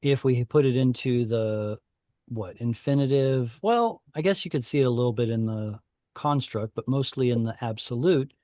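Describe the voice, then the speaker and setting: Over a video call, a man teaches an online Hebrew class, explaining things patiently and pausing as he thinks aloud. His mid-range voice is animated with a darkish tone, and the studio-quality recording has no room sound.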